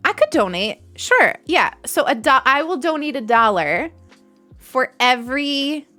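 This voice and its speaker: A woman's voice: fairly high pitch, sharp tone. A young adult woman streamer chatting casually and giggling as she thanks donors on a live stream.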